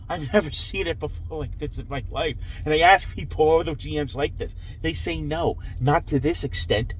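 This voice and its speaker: A man's voice: mid-range voice, normal speed, slight background noise, low-quality recording. A man ranting after a hockey loss, swearing and sounding frustrated and dejected. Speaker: hockey fan vlogger. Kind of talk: angry post-game rant.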